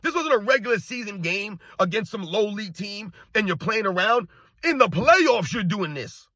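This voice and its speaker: A man's voice: high-pitched, very animated, normal speed, sharp tone, dry recording. A man hosting a sports commentary channel, ranting in an emphatic, repetitive, scornful way. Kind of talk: opinionated sports rant.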